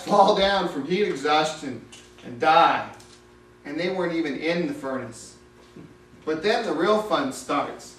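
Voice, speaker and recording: Animated man preaching a story sermon. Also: high-pitched. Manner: dramatic, animated retelling. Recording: echoey room, distant mic, faint hiss.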